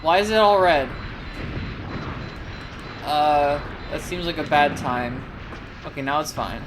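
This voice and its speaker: A woman's voice: deep voice, takes it slowly, noisy background. A young woman streamer commentating live on a game, flustered and joking, with lots of exclamations.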